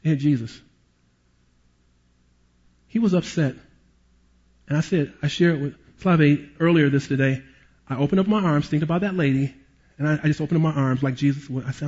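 A man preaching a sermon as a pastor and police chaplain, an animated storyteller who drops to hushed tones at emotional moments. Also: on the high side, moderate pace, pauses often, breathy edge, lo-fi sound.

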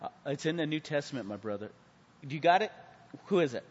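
A man teaching a Bible class in a church hall. He preaches with sudden swings from hushed to loud and asks the class questions, calling on people by name. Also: on the high side, lively intonation, quick pace. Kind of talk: Bible study sermon. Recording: muffled sound with a long hall reverb.

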